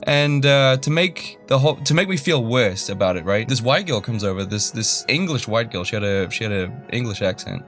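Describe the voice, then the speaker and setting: A man's voice: medium pitch, moderate pace, hardly any pauses, a bit bright, soft background music. A young man telling a story in a rambling, self-deprecating way, full of fillers and restarts. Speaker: YouTuber. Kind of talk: casual storytelling.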